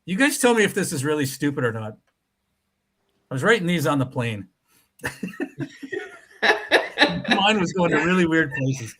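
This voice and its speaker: Brief: male podcast host, fairly high voice, relaxed, drops "man" often, casual banter. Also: moderate pace, pauses often, breathy edge. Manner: laid-back, trails off with "man". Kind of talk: casual comedy podcast chat.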